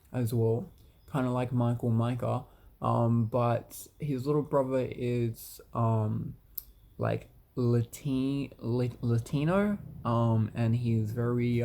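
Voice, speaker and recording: A man's voice: mid-range voice, creaky, dark tone. A man talking casually to camera in a vlog, hesitant, with many ums and repeated words. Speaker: vlogger.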